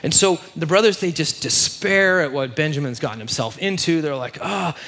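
A man's voice: a little high, fairly quick, fairly bright tone. A young man retelling a story in a sermon, casual and conversational, peppered with fillers. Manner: conversational, many fillers like "like" and "you know".

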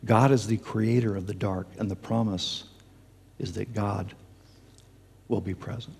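A man's voice: lowish voice, steady tone, measured pace, creaky, darkish tone, slight background noise. A man preaching a sermon as pastor, earnest, with fillers and restarts, speaking in a church sanctuary. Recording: long hall reverb.

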